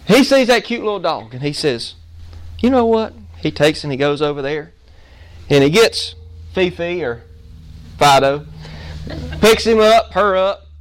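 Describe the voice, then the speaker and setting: A preacher man tells a homespun story to his congregation, acting out each scene with animated energy. His voice sits high and rings clear and smooth. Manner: animated, folksy, acts out the story. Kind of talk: storytelling sermon.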